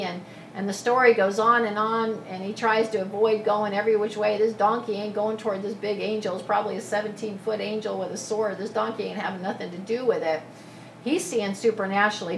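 A woman preaching a sermon, retelling a scripture story in a lively, casual way with asides. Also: mid-range voice, a little hiss or hum. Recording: echoey room from a distance.

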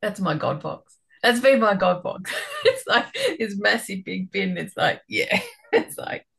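A woman's voice: medium pitch, huge pitch swings, unhurried, gravelly, fairly bright tone, slightly rough. A woman chatting casually as a participant on a video call, amused. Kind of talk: casual chat.

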